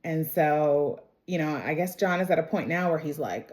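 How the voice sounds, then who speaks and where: A woman's voice: sits low, normal speed, a little mellow. A young adult woman casually recapping a TV episode, chatty and full of "like" and "you know," retelling scenes by quoting the characters. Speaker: show recap vlogger.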